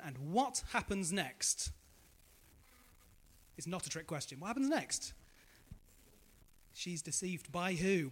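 Guy preaching a sermon, high voice, really animated, asks the room questions and repeats what they say.

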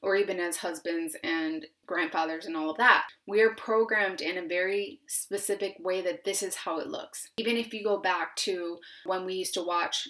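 A woman's voice: fairly low pitch, steady tone, normal speed, few pauses, fairly bright tone. A woman hosting a spiritual podcast, talking in a chatty, emphatic monologue full of "like"s and restarts, with the odd swear word. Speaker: podcast host.

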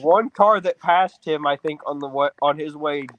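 A man's voice: a little high, normal speed, dull audio, slight background noise. A man on a podcast in casual chat, eagerly prompting a friend's story and chiming in. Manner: eager, prompts stories, chimes in. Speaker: podcast co-host.

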